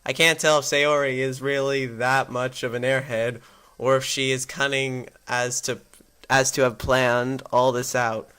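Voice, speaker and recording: A man's voice: medium pitch, little pitch movement, unhurried, pushed and bright, clear, resonant tone. A man doing let's play commentary and reading game text aloud, rambling and correcting himself as he goes. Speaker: gamer.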